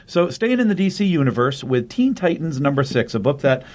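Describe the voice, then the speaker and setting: A man's voice: a little high, very animated, fairly quick, a little mellow. A man hosting a casual talk show, recapping a comic book in a rambling way and correcting himself as he goes. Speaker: comic book podcast host. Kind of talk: casual spoken review.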